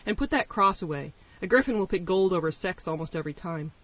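A man's voice: sits high, expressive, quick pace, fairly bright tone. A man voicing a bossy woman griffin handler. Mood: curt. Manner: curt, bossy. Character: sharp-tongued woman griffin handler, impatient. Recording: voice distant from the mic.

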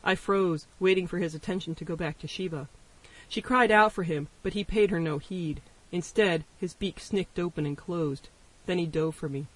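A man narrates an audiobook with wry first-person storytelling. His voice sits high for a man, and he sounds distant from the microphone. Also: moderate pace. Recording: voice distant from the mic.

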